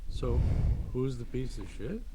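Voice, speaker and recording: A man's voice: mid-range voice, a little slow, mellow, breathy edge, dry recording. A man hosting a casual podcast chat, throwing in crude wisecracks. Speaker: podcast host.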